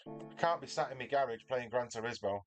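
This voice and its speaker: A man's voice: medium pitch, a little fast, faint music behind. A middle-aged man from northern England with a Manchester accent, chatting casually and self-deprecatingly with his viewers from his garage. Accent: Mancunian. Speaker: livestreamer. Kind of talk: casual chat while racing. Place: home garage.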